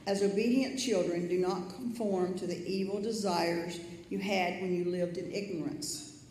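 A reader giving a measured, formal scripture reading aloud in a church. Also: mid-range voice, steady tone, darkish tone. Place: church sanctuary. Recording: roomy church echo, faint background noise.

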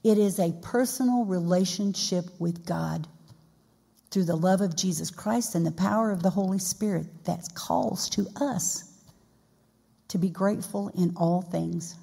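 A woman's voice: fairly low pitch, a little slow, creaky, warm tone, slightly rough. A woman pastor preaching a sermon in a folksy, conversational way with playful asides. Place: church sanctuary. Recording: long reverb in a church hall.

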